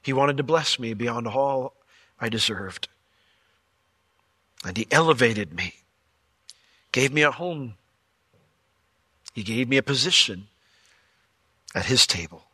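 A man preaching a sermon as pastor, telling Bible stories with lively, playful asides. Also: medium pitch, slow pace, long pauses, slightly rough, dry recording, clean studio sound. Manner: animated storytelling with playful asides.

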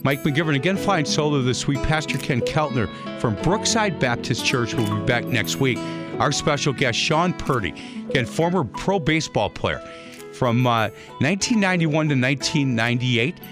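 A man hosting a radio show, chatting with a guest and telling lively stories. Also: mid-range voice, normal speed, music in the background. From Wisconsin, USA. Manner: chatty storyteller, animated anecdotes. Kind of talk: casual radio interview.

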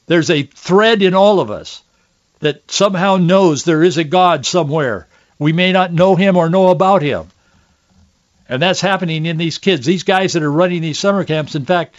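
A man's voice: a little high, lo-fi sound. An older man hosting a faith and politics talk show, speaking earnestly and with emotion. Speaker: radio show host.

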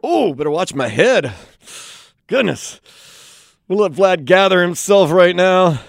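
A man's voice: high-pitched, expressive, a little slow, vocal fry, no echo. A man hosting a sports radio show in a studio, joking about himself between headlines. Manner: playful, self-mocking, jokey.

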